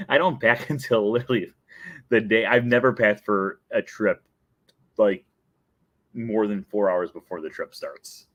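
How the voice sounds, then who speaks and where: A man's voice: lowish voice, lively intonation, slow, pauses often, a bit bright, no room sound, dull audio. A young adult man hosting a casual live stream, chatty and playful, often laughing at himself. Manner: playful and chatty, breaks into sung jingle and laughs. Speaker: host.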